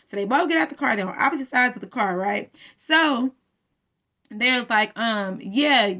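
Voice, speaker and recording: A woman's voice: on the high side, lively intonation, moderate pace, bright, forceful tone. A woman casually recapping a TV episode in a chatty storytelling way, acting out the characters' lines as she goes.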